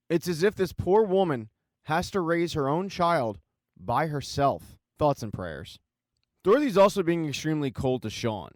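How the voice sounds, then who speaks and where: Man, casual recap narration, wry asides, mid pitch, dry close sound. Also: dry recording. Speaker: TV recap host.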